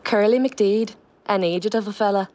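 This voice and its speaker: A woman's voice: medium pitch, normal speed, a little mellow, close to an everyday voice. Maggie: a woman putting on a wry Donegal countrywoman. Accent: Donegal Irish, put on. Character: plain-spoken Donegal countrywoman from a stage play.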